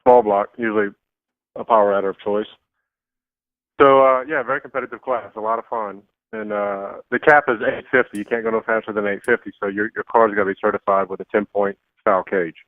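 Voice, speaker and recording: Phone-in guest, male, relaxed and plain-spoken, tinny line. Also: on the low side, a little fast, no room sound. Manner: relaxed, explains plainly with fillers. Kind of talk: casual phone interview.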